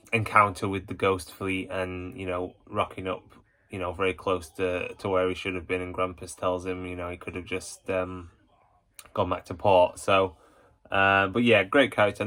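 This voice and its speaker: A man's voice: sits low, pushed and bright. A man hosting a casual ranking vlog, talking as an enthusiastic fan in a rambling way, full of hesitations and "you know". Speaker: YouTube channel host.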